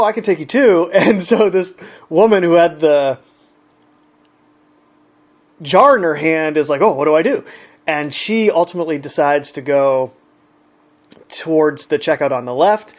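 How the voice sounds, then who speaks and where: A man's voice: a little high, darkish tone. A man relaxedly retelling an everyday encounter in a chatty, conversational way. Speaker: storyteller. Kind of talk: casual anecdote.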